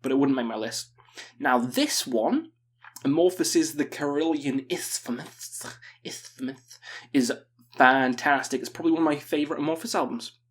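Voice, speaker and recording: A man's voice: on the high side, expressive, normal speed, husky. Profane, joking Englishman in his thirties. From England. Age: 30s. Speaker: metal music YouTuber. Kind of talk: casual album-review chat.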